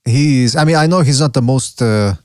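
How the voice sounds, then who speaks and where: A man hosts a live podcast in loose, rambling chat. He keeps stopping himself mid-thought and swears casually. His voice sits at a middling pitch and is recorded dry, with no room sound. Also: brisk, darkish tone, no room sound. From Canada. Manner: rambling, self-interrupting, profane. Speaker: podcast host.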